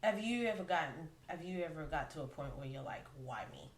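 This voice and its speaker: A woman hosting a podcast interview, sympathetic and quick with joking interjections. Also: low voice, lively intonation, slight background noise. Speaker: podcast host. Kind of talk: interview chat. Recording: echoey room.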